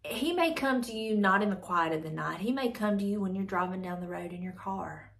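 A woman's voice: mid-range voice, a little fast, vocal fry. A woman hosting a devotional channel, reading aloud and reflecting earnestly, repeating her phrases as she thinks things through.

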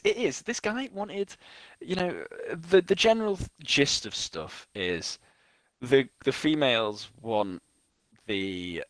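A young man chatting casually, his story full of restarts and laughter. His voice sits at an ordinary pitch. The recording is close and dry with no room sound. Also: no room sound. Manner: rambling, laughing retelling with many restarts. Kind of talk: casual chat.

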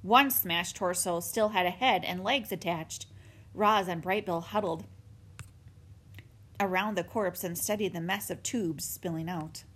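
A woman narrating a children's book in an expressive storytelling manner. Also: lowish voice, measured pace, husky. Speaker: audiobook narrator.

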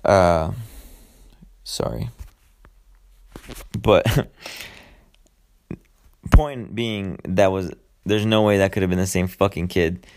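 A man with a very deep voice and a gravelly, creaky edge gives a casual movie recap. He curses constantly, rambles through fillers and side remarks, and talks like he's chatting with friends. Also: slow, pauses often, a little mellow. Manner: profane, rambling, heavy swearing; loose storytelling with many fillers and asides. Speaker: podcast host.

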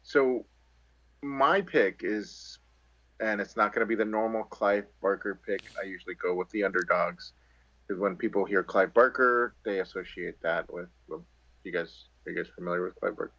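A man's voice: deep voice, fairly even intonation, moderate pace, sharp tone, no echo, muffled recording. A man co-hosting a podcast, chatting casually with wry asides. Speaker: podcast co-host. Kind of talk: casual chat.

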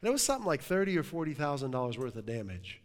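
A middle-aged man preaching a sermon as pastor, telling a story in a lively, joking way. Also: a little high, racing. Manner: animated storytelling, jokes and laughs with the congregation. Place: church sanctuary. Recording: long hall reverb.

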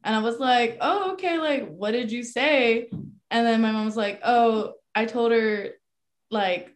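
A woman's voice: fairly high pitch, a little slow. A young woman in casual chat, blunt and slangy, laughing as she tells a family story.

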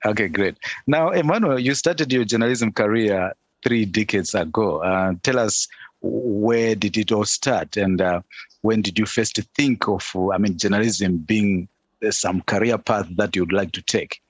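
A middle-aged man hosting a podcast interview, friendly and a little halting as he asks his questions. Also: lowish voice, no echo. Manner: friendly, a bit halting, with fillers. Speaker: podcast host.

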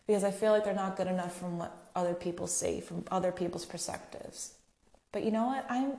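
Young woman podcasting solo, chatty and blunt, kinda low gravelly voice, echoey room. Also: darkish tone. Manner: chatty and candid, swearing freely. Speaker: podcast host. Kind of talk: casual solo podcast monologue.

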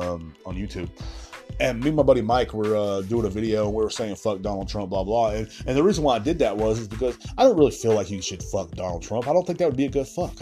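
A man's voice: lowish voice, darkish tone. Laid-back, foul-mouthed man ranting. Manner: rambling, profane, laid-back. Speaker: podcast host. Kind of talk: casual solo rant.

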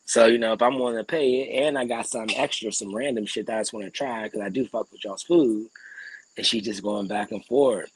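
Man, young adult, husky voice, dry close sound, animated profane storytelling, podcast co-host. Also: lowish voice, a little fast, no echo, low-quality recording. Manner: animated, profane, acts out quoted exchanges. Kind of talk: casual storytelling.

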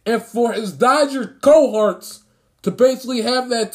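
A man's voice: very high-pitched, moderate pace. A man ranting about sports, indignant and emphatic, hammering his points by repeating phrases. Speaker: sports commentator. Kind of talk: angry sports rant.

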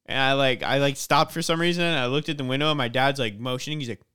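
A young man, a guest on a friends' podcast, rushing through a funny childhood story with a laugh in it and casual swearing. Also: medium pitch, sharp tone, smooth, no echo, clean studio sound. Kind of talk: casual chat among friends.

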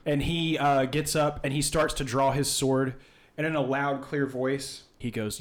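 A man narrating a tabletop game as game master, casual and relaxed with many fillers. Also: mid-range voice, measured pace.

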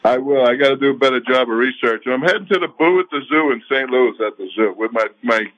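A man's voice: medium pitch, fast talker, fairly bright tone, dull audio. Easygoing, joking grandfather on a radio call. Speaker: guest, former football coach. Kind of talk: casual chat on a radio call-in.

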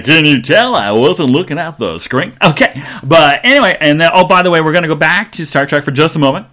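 A man's voice: lively intonation, a little fast, pushed and bright. A man hosting a live show, telling rambling, chatty stories with lots of fillers and restarts. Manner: greets chat viewers in a sing-song high voice. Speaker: podcast host. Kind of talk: live-stream casual chat.

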